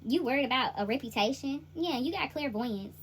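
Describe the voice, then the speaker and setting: A young woman giving a casual spiritual tarot reading, animated and slangy, laughing often. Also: high-pitched, a little fast, slight background noise. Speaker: intuitive tarot reader.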